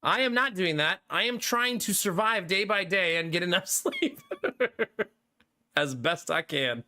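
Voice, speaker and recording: A male streamer with a high, bright voice chats loosely with his live viewers. He keeps things easygoing and breaks into laughter often. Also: wildly swooping pitch, moderate pace, clear, resonant tone. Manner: laid-back and chatty, laughing often. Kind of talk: casual chat with live viewers.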